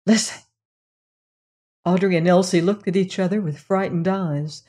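A woman reading a mystery novel aloud as the host, in a measured, unhurried storytelling manner. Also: on the low side, steady tone, warm tone. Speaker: audiobook narrator and host. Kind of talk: scripted narration of a mystery novel.

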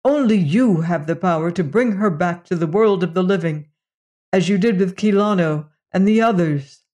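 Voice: mid-range voice, normal speed, darkish tone, lightly acted. A reader doing a grave, formal alien villager. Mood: pleading. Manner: formal, old-fashioned speech.

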